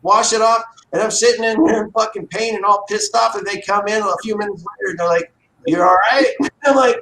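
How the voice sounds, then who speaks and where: A man's voice: sits high, fairly quick, slight background noise. A man hosting a livestream, telling work stories in a casual, profane way and acting out quoted lines. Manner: animated, profane, acts out quotes. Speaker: livestream host, guitar builder. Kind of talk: casual storytelling chat. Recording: roomy echo.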